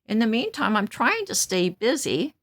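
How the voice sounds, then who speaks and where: A woman in her seventies vents bluntly and sternly in a casual vlog monologue, outspoken and breaking into laughs between remarks. Her voice is a little high and a bit bright, with big pitch swings, normal speed, and no echo.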